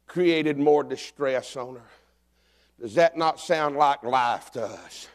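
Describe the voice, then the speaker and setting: A pastor in middle age preaching with a high, ringing voice. He swings between shouted, climbing calls and quiet, confessional asides to his church. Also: slow pace, vocal fry. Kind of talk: sermon.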